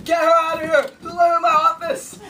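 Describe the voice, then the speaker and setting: Woman doing a fed-up pompous bank boss guy, lively pitch swings, mic far with hiss. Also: moderate pace, crowd noise, lightly acted. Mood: angry. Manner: exasperated, sarcastic, bursts into shouting. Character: exasperated male bank official, pompous and impatient. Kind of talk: stage scene acting. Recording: distant mic, noisy background.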